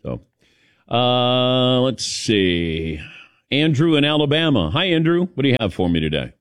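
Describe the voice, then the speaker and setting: A man's voice: mid-range voice, very animated, measured pace, dry recording, clean studio sound. A man hosting a talk radio show, chatting casually with his co-hosts and taking calls from listeners. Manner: warm storytelling, takes callers.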